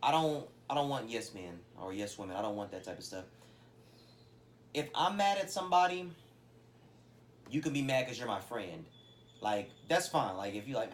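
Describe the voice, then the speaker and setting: A man co-hosting a podcast, talking in loose slangy style. He jumps into his friends' voices now and then, his pitch swinging up and down. A faint hiss sits under his voice. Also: very animated, moderate pace, long pauses. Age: adult, has a son. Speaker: podcast co-host. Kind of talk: casual podcast chat. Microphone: podcast microphone.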